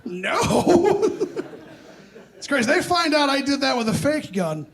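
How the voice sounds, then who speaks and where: High-voiced young male stand-up comic. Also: sing-song, moderate pace, crowd noise. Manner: self-deprecating, punchy, loud. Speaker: stand-up comedian. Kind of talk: stand-up set. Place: comedy club stage. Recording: live club audience laughing.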